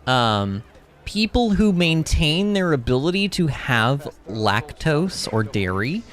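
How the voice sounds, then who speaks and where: A man hosting a gaming livestream, chatting in a rambling, animated way, reading chat and laughing often. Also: fairly high pitch, slow pace. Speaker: livestream host. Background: game music.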